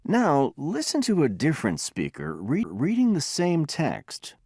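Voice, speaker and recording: A man's voice: fairly high pitch, wildly swooping pitch, a little slow, darkish tone, husky. A man giving a textbook listening lecture, explaining and demonstrating pronunciation by example.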